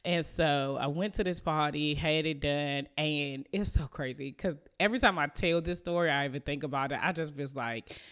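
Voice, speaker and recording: A woman in her thirties talks through a personal story on her podcast, loose and conversational. She fills the pauses with plenty of "you know" and small laughs, and she slips into the voices of the people in her story as she goes. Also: deep voice, a bit bright, smooth. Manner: chatty, with many fillers and laughs; acts out family members' lines. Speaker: podcast host. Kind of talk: casual storytelling monologue.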